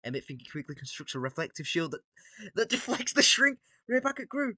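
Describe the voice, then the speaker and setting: A man with a bright, forward voice, recorded close and dry, reads battle text out loud. He delivers it casually, drops asides and the odd swear between sentences. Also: high voice, big pitch swings, a little fast, no room sound. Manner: casual, swears and laughs between read lines. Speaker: video creator. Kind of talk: reading out and reacting to AI-written battles.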